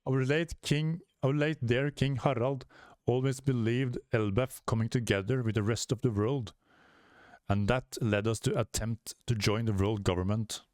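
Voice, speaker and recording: A man's voice: mid-range voice, fairly even intonation, moderate pace, a little mellow, no echo, natural voice. Man voicing a grave elderly giant elder, formal speech, dry close sound, serious. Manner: grave, formal public address.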